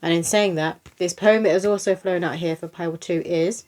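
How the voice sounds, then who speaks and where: A young woman talks through a psychic card reading. Her voice sits a little low, and her delivery is chatty and flowing. She slips into a gentle reading voice for rhyming poems. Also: a little fast, few pauses. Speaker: psychic medium host.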